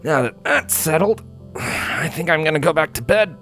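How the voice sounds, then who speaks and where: A man's voice: fairly high pitch, animated, moderate pace, bright, forceful tone, faint music behind, voice pushed up. Man reading as a firm, fatherly young man. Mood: pained. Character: young human man, caring stern father figure.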